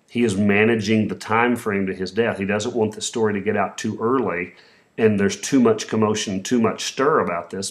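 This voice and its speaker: Low-voiced male pastor retelling a story. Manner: retells the story with voiced quotes, some restarts. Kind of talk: sermon.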